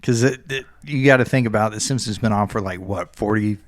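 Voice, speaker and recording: A man's voice: lowish voice, fast talker, very noisy. A man guest-hosting a casual family podcast, laid-back, giving short replies. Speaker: guest co-host.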